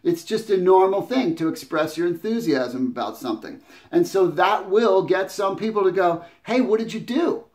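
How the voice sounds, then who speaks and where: A man's voice: high voice, expressive, moderate pace, darkish tone. A man giving casual advice to camera as a business coach, talking conversationally with many restarts and tag questions. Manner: conversational, often adds "right?"; restarts and repeats words.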